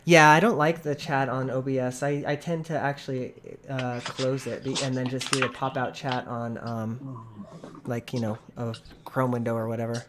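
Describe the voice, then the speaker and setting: A man's voice: mid-range voice, flat delivery, moderate pace, very noisy. A man hosting a casual gaming podcast from home, loose and chatty and laughing often. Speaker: podcast host. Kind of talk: casual chat.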